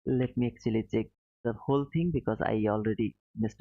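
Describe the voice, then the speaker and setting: A man with a mid-range, steady voice hosts a live trading stream, speaking fairly quickly to his viewers. He sounds apologetic and self-critical, restarts his sentences often, and uses non-native phrasing. The recording is dry and tinny, like a phone, with no room sound.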